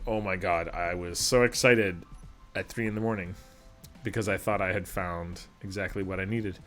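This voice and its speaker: A man's voice: low-pitched, steady tone, moderate pace, fairly bright tone, soft background music. A man from Alberta giving casual, rambling, self-deprecating commentary over a video game as host of his channel. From Alberta, Canada.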